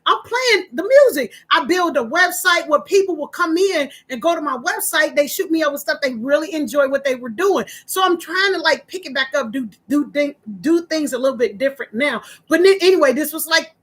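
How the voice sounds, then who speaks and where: A woman's voice: brisk, few pauses. A woman who once hosted a radio show, casually telling a story to her viewers and acting out the voices she quotes. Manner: animated, acts out quoted voices with big pitch jumps. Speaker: former radio host.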